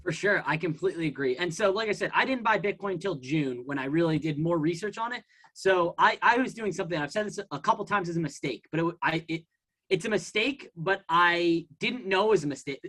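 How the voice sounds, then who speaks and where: A man's voice: sits high, animated, brisk, a bit bright. A man telling his story casually as an interview guest. He rambles, restarts his sentences and acts out his own past thoughts. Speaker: guest investor.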